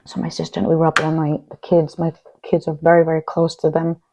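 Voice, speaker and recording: A woman's voice: sits low, monotone, brisk, darkish tone, a little hiss or hum. A middle-aged woman vlogger, rambling bluntly through a personal story while doing her makeup. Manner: rambling, blunt, swears, fillers like blah blah. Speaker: beauty vlogger. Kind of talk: casual get-ready-with-me chat.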